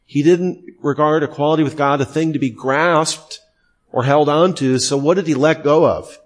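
A man's voice: on the high side, steady tone, moderate pace. A middle-aged man teaching a theology class, asking pointed questions and repeating key terms for emphasis.

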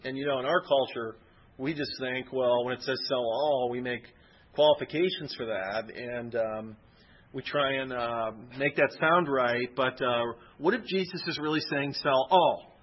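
A man's voice: medium pitch, measured pace. A man giving an informal Bible teaching, conversational and rambling with personal stories. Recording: dull lo-fi recording.

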